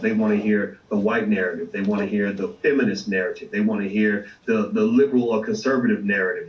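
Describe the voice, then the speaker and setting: A man with a low voice hosts a casual livestream, talking in an animated, profane way and padding his speech with fillers. The room is echoey and he sits well back from the mic. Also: distant mic. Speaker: host of an online show.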